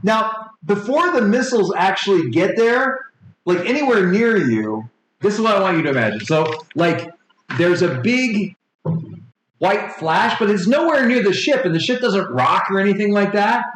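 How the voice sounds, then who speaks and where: A man in his forties running a tabletop game for his kids, rambling and playful, slipping into quick character voices. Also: sits high, animated, fairly bright tone. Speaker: game master. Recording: echoey home room with faint noise.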